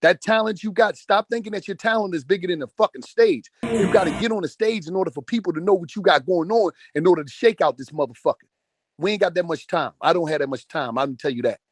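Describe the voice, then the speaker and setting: Over the phone in a group audio call, a man in his forties rants with profane, motivational intensity, repeating phrases for emphasis. His voice sits high and moves quickly, with no room sound.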